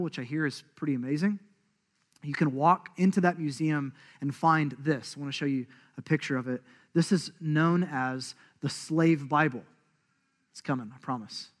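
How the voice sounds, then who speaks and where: Man, sermon, animated preaching, slightly high voice. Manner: animated, acts out quoted voices. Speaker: pastor.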